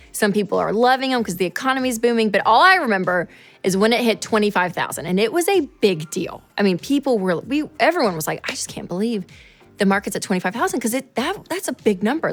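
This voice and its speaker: A woman in her thirties hosting a show, talking through money advice in a casual, animated way and acting out quotes. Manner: animated, chatty, acts out quotes in a higher voice. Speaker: show host.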